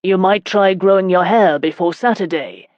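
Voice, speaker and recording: A woman reading an arrogant, teasing young gentleman who speaks calmly and soothingly. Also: low-pitched, moderate pace, dry recording, muffled recording. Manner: calm, assured, soothing.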